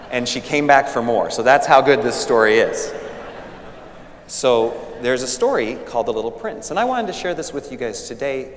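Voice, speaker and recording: A minister telling a story to the children during a church service in a gentle, warm manner. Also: male voice, medium pitch. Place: large church sanctuary. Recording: echoey church hall, faint hum.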